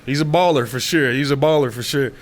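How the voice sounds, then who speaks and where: A Texan football player speaks at a casual press scrum in the media room after practice. Relaxed and talkative, he uses a medium-pitched voice at a slightly fast pace, with frequent fillers and restarts.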